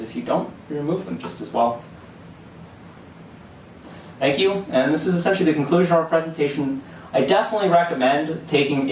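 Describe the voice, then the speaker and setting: A man's voice: on the high side, slight background noise. Young man presenting, echoey distant room. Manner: explanatory, loose, with fillers and restarts. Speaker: student presenter. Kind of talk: classroom lecture presentation. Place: lecture hall.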